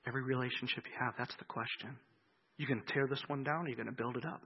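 A man preaching a sermon as pastor, swinging between loud, emphatic acted-out quotes and slow, soft reflection. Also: medium pitch, fairly even intonation, breathy edge, lo-fi sound.

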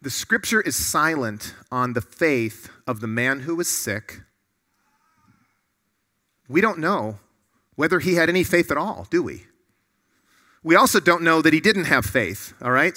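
A man's voice: a little high, expressive, a little slow, pauses often, bright, forceful tone. A man preaching a sermon to a room of listeners, earnest and often putting questions to them.

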